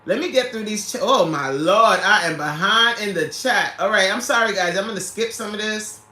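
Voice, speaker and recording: Woman, livestream host, casual chat, laughs often, clear bright tone, roomy echo. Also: medium pitch, normal speed. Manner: animated, laughs often, talks straight to viewers.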